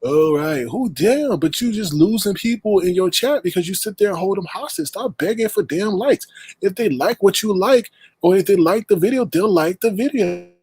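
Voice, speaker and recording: Husky guy going off in a roast on his live stream, insulting, repeating himself, dry close sound. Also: sits high, normal speed, darkish tone, no room sound. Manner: insulting, scolding, repetitive. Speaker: livestream host. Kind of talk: heated roast rant.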